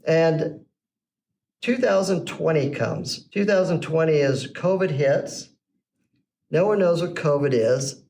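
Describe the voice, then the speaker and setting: This middle-aged man speaks slowly in a fairly high, creaky voice. As a podcast guest, he shares his business story casually, lively acting out the voices of the people involved, on a slightly distant mic with faint background noise.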